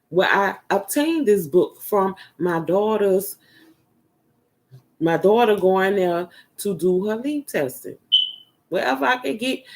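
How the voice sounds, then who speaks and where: A woman's voice: mid-range voice, darkish tone. A woman giving a casual spiritual energy reading, talking in a loose, rambling way that drifts into murmurs. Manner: loose, rambling and repetitive, drifting into murmurs while searching a book. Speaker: spiritual reader.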